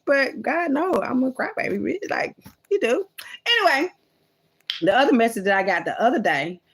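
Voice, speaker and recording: A woman's voice: high voice, big pitch swings, moderate pace, fairly bright tone, husky. A woman vlogger in a loose, profane, rambling monologue about faith, talking straight to her viewers. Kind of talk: casual rambling spiritual monologue.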